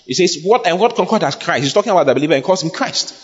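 A man preaching a sermon to a congregation, emphatic and repetitive, building up to shouts. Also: on the high side, animated, very fast, husky. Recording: dull lo-fi recording with long hall reverb.

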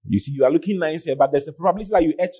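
A man preaching a sermon as pastor, often mimicking his congregants in an animated way. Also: on the high side, very fast, slightly rough.

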